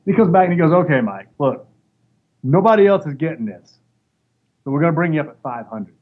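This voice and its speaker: In a slightly high voice and at a somewhat quick clip, a former wrestler tells casual stories as an interview guest. He acts out the quoted voices of others with animation. The recording has a dull, lo-fi quality and faint noise.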